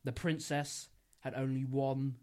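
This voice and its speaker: A man's voice: medium pitch, little pitch movement, unhurried, dark tone. A young man, co-hosting a podcast, rambling and giggling as he makes up a silly story. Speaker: podcast co-host. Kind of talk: casual podcast chat, improvised storytelling.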